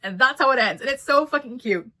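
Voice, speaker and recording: Fast-talking, blunt woman reviewing a book. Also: sits high, animated, sharp tone. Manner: blunt, swears freely, acts out characters' lines. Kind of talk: casual book review talk.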